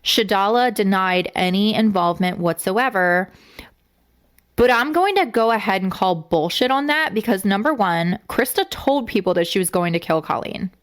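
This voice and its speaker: Co-hosting a true-crime podcast, this young woman gets emotional and talks with blunt, heavy profanity. She has a mid-range, animated voice at a normal speed.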